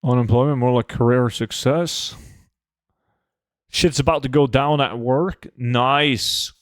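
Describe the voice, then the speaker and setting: A man chats casually on a live stream through a desk microphone, answering his chat with frequent swearing and jokes in a laid-back way. His mid-range voice stays steady and slow. The recording is studio quality with no echo.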